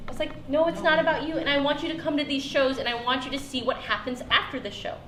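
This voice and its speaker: A woman performer answering audience questions after her show, telling lively stories and acting out her family's lines. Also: high-pitched, quick pace. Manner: animated, acts out family quotes, laughs often. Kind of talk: storytelling in a post-show talkback. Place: theater, live audience. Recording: echoey hall, faint noise.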